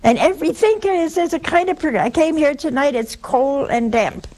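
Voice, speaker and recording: An older woman giving a spoken religious teaching to an audience, folksy and animated, jumping to high emphatic tones and then dropping low and hushed. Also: a little fast. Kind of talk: spoken Catholic teaching talk. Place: live talk before an audience.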